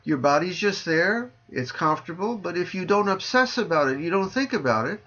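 A man's voice: animated, a little fast, few pauses, pushed and bright. Man, Zen teacher, podcast chat, dry humor, sing-song delivery, muffled call audio. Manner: dry joking, playful sing-song delivery, drops low on punchlines. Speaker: Zen teacher answering listener questions. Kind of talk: casual podcast chat over a video call. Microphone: video call.

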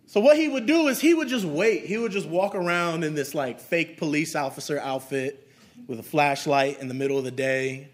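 A man's voice: a little high, normal speed. A man preaching a sermon as a pastor, speaking to his church in a conversational, storytelling way.

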